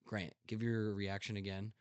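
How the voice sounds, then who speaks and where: A young man hosting a casual podcast, recounting a story with real heat and swearing now and then. His voice sits fairly low and sounds close and dry, with no room around it. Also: level tone, normal speed, darkish tone, clean tone, dry recording. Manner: emphatic, passionate storyteller who swears freely. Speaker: podcast host. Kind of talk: casual chat.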